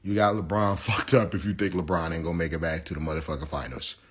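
A man's voice: deep voice, steady tone, fast, breathy edge. A young man ranting profanely on a phone live stream about basketball, heated and mocking.

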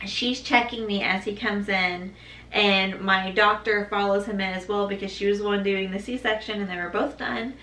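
A young woman telling her own birth story in a casual, animated way, acting out what others said. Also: mid-range voice, a little slow. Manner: animated, acts out quoted voices, laughs. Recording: echoey room, mic at a distance.

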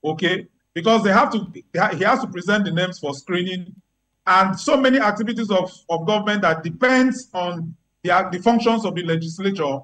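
A man speaking as a legal analyst on a news program, measured and emphatic, building his argument point by point. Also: sits high, a bit bright, poor audio. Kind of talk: remote news interview commentary.

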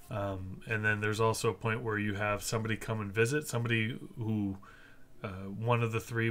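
A man's voice: on the low side, fairly bright tone. A man streaming a video game, chatting casually in rambling explanations full of fillers. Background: game music.

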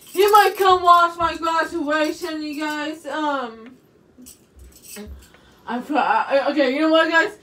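A young woman chatting to camera from her bedroom in a very high, bright voice. She rambles and circles back, tossing "you guys" into nearly every phrase. Her voice sits a little away from the mic. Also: far from the mic. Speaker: vlogger. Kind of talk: casual chat to camera.

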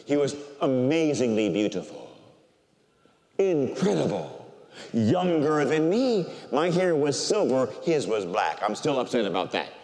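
An older man, a Catholic priest, preaching a sermon and telling a personal story with animated, emotional delivery that softens when he is moved. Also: medium pitch, measured pace. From United States. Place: large church. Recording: church hall reverb.

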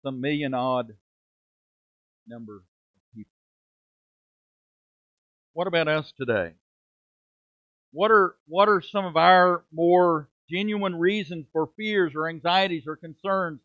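Middle-aged male preacher, high pitch, emphatic sermon delivery, dull close recording. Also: takes it slowly, long pauses, no echo. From United States. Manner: emphatic preaching with rhetorical questions and dramatic drops in volume. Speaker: preaching minister. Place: church sanctuary.

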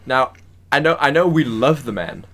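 A man's voice: mid-range voice, animated, moderate pace, a bit bright. A man co-hosting a casual podcast, giggling and restarting his sentences often. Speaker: podcast co-host. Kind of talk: casual chat.

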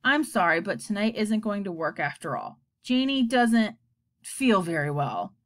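A woman reading the lines of a calm, patient middle-aged dad in a steady storybook voice. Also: mid-range voice, a little slow, close to an everyday voice.

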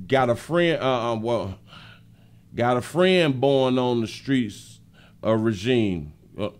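Animated, laughing male live-stream host. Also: a little high. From Florida. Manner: loud, laughing, animated street talk. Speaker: show host. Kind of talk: live-stream commentary on a video.

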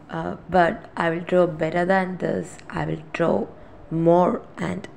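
Brief: young female vlogger, hoarse from a cold, gravelly, slow and chatty voice-over. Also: fairly low pitch, fairly even intonation, darkish tone, slight background noise. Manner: chatty and apologetic. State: hoarse from a sore throat and cold. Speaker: drawing vlogger. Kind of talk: casual voice-over narration.

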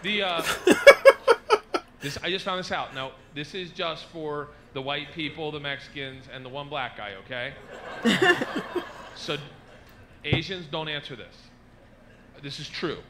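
A man doing a stand-up routine, swinging from low confiding asides to loud shouted bursts, recorded live with an audience laughing. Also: unhurried, pauses often, a crowd in the background. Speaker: stand-up comedian.

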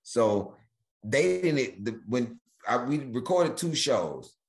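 Man, comedian guest, animated storytelling, jumps in pitch. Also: slow pace. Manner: acts out bits with sudden jumps in pitch.

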